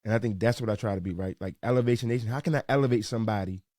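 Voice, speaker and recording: A man's voice: fairly low pitch, no echo, clean studio sound. Earnest young man from Baltimore. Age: young adult. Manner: earnest, energetic, with halting restarts. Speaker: podcast guest, sports reporter. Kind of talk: casual podcast chat.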